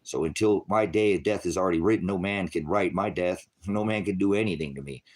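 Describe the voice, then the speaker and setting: A middle-aged man with a deep, low-pitched voice preaching an unscripted sermon. He scolds and confronts his listeners, swearing as he goes. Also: brisk, a little mellow.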